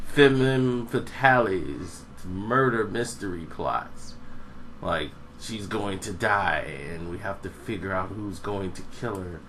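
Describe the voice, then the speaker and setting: A man giving a casual, rambling movie review, meandering and pausing to search for names. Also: on the low side, bright, forceful tone, a little hiss or hum.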